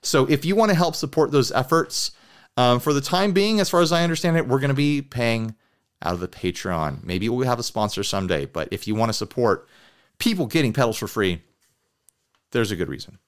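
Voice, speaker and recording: A man's voice: mid-range voice, expressive, a little fast, smooth. A man co-hosting a podcast in loose, rambling, jokey chat. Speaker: podcast co-host. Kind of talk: casual chat.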